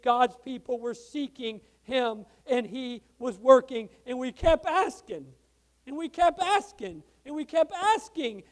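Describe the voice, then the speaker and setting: A man preaching a sermon as pastor, telling a story with passion and swinging from hushed, quiet lines to loud, urgent ones. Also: extremely high pitch.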